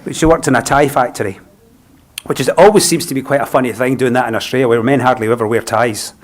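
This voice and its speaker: Gentle Scottish man giving a eulogy. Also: medium pitch, fairly even intonation. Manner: gentle, reflective, unhurried phrasing. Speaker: funeral celebrant. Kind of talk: funeral eulogy.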